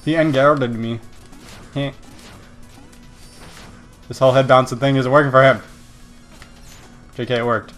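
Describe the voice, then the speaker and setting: A man's voice: mid-range voice, steady tone, measured pace, pauses often, a bit bright, soft background music. A young man hosting a casual video game playthrough, rambling and making self-deprecating jokes as he plays. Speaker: gaming video host. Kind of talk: casual let's-play commentary.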